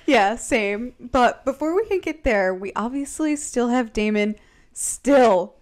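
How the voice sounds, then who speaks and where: Woman podcast co-host, casual and animated, retells scenes with quoted lines, slightly high voice. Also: takes it slowly. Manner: retells scenes quoting characters, laughs often. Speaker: podcast co-host recapping a TV episode. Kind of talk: casual recap chat.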